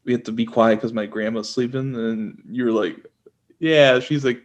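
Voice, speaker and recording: A man's voice: on the low side, level tone, a little fast, darkish tone, highs cut off. A man co-hosting a comedy podcast, telling stories in a dry, laid-back, casual way. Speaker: podcast co-host.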